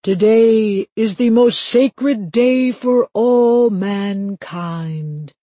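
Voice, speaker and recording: A woman narrator voicing God as a booming, ominous stage voice that speaks slowly and drops low. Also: mellow, no echo. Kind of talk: audiobook narration.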